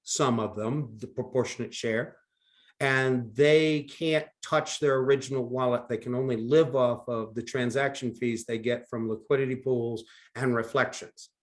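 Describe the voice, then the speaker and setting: A man's voice: steady tone, measured pace. A man presenting his company on a live call, speaking earnestly and persuasively to the audience. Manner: earnest, persuasive pitch with ladies-and-gentlemen address.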